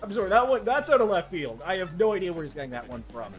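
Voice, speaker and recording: A man's voice: high voice, big pitch swings, fast talker, soft background music. A man giving casual, joking gameplay commentary as a streamer, swearing now and then.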